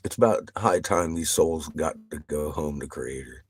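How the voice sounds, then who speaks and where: A man chatting casually with viewers on a livestream. He swears constantly, gets excited and laughs often. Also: a bass voice, moderate pace, breathy edge.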